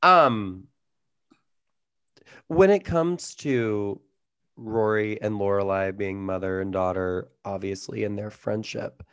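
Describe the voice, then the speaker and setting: A man's voice: lowish voice, slow, a bit bright, smooth. A man from Georgia in the US, hosting a podcast with friends in casual chat, with playful, theatrical asides. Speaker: podcast host.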